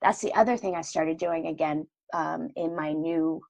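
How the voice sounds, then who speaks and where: A woman in her forties chatting as a podcast guest, telling lively stories and acting out the people in them. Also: low-pitched, moderate pace, vocal fry, no room sound, highs cut off. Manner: animated storyteller, acts out quoted voices. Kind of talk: casual interview chat.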